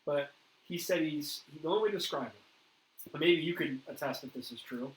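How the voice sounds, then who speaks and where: A man hosting a paranormal interview, telling a ghost story in a lively way and acting out what others said. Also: on the high side, normal speed. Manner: animated storyteller, acts out quoted dialogue. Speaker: paranormal investigator host. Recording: echoey room with faint noise.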